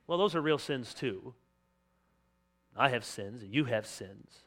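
Impassioned bright-voiced male pastor. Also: medium pitch, lively intonation, measured pace, pauses often. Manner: impassioned, acts out quoted voices. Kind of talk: sermon.

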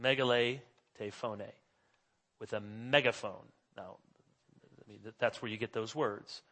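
A middle-aged male pastor preaching a sermon, swinging from hushed asides to loud emphasis. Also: fairly low pitch, fairly even intonation, moderate pace.

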